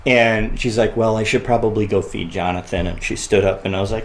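A man sharing a personal story as a podcast guest, earnest and often quiet and halting, laughing at the lighter moments. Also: on the low side, steady tone, low-quality recording.

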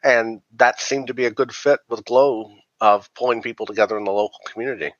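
A man guesting on a podcast, answering in a measured way with many fillers. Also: mid-range voice, steady tone, a bit bright, no echo, lo-fi sound. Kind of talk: casual interview answers.

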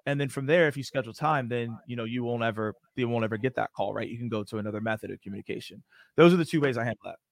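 A man on a panel, talking in a relaxed, conversational way and explaining step by step. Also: mid-range voice, racing, vocal fry, dry recording. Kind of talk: casual panel discussion.

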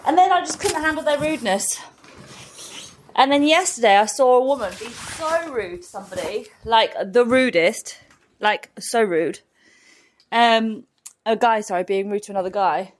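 A woman's voice: on the high side, lively intonation, normal speed. Blunt, sweary woman in her forties. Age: 40s. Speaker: travel vlogger. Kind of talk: casual talk to camera. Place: city streets outdoors. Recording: phone audio with traffic noise. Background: street traffic.

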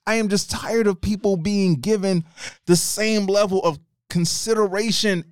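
A man ranting in casual podcast chat, exasperated and quick to swear. His voice is a bit high and comes across smooth and clear, close and dry with no room sound. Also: fairly even intonation, no room sound.

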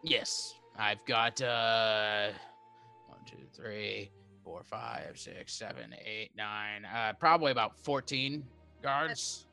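Bright-voiced man running a game. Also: fairly low pitch, takes it slowly, creaky, faint music behind. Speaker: game master. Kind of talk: narrating a tabletop game.

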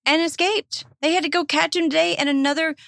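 A woman's voice: very high voice, fairly even intonation, a little fast, gravelly, fairly bright tone, dry recording. A woman with a Southern US accent, co-hosting a podcast in casual chat, emphatic and impassioned, swearing freely. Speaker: podcast co-host.

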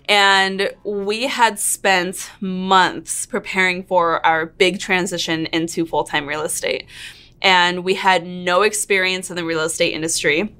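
A woman in her thirties hosting her own real estate coaching channel, talking earnestly and openly to camera, quick to get emotional. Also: lowish voice, pushed and bright. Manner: earnest, open and emotional, laughs and nearly cries. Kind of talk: intro narration then casual one-on-one chat to camera.

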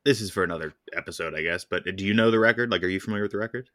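A man's voice: deep voice, very fast, a bit bright, no room sound, clean studio sound. A man co-hosting a music podcast, chatting casually with wry, self-deprecating humour. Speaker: podcast co-host. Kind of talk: casual chat about music.

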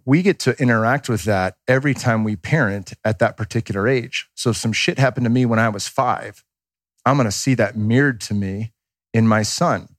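A podcast guest in his thirties talks candidly and ramblingly in a casual chat, with a fairly low voice at a moderate pace. He swears freely and acts out what people said, and the sound is dry and close to the mic with no echo.

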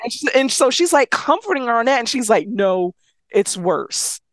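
A woman's voice: high voice, expressive, quick pace, no room sound. A woman co-hosting a podcast, casually retelling a story and acting out the characters' lines, swearing freely. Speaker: podcast co-host recapping a story. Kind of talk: casual chat, retelling a book with acted quotes.

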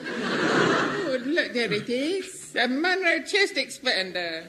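A man voicing a gullible, boastful young boy with a shrill, prim way of talking, in 1950s radio comedy. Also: very animated, takes it slowly, heavily acted. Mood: giddy. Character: squeaky cowardly young boy scout type, gullible. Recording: hissy old radio broadcast recording.

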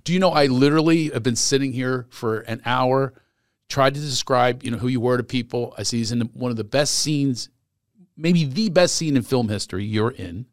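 A middle-aged man hosting a casual interview, joking and chatty and quick to laugh. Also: medium pitch, dry recording, studio quality. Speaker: podcast host.

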